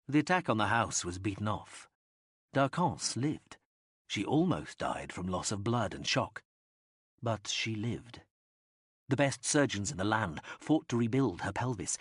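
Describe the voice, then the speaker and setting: Expressive man narrating an audiobook. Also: on the low side, husky, dry recording, clean studio sound. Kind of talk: scripted narration.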